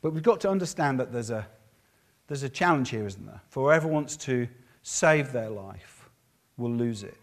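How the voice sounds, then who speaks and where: A man preaching a sermon as a pastor, lively and acting out the words of others. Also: mid-range voice, moderate pace. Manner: lively, acts out quotes of others.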